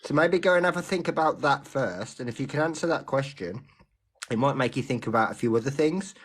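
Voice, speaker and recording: A man's voice: mid-range voice, fairly quick, fairly bright tone, husky. A man in casual chat as a co-host, talking things through in a reasoned way. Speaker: radio co-host.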